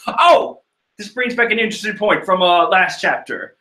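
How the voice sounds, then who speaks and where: A man giving casual, animated commentary on a manga chapter, exclaiming and joking in disbelief. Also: high voice, moderate pace. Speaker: manga reader and reviewer.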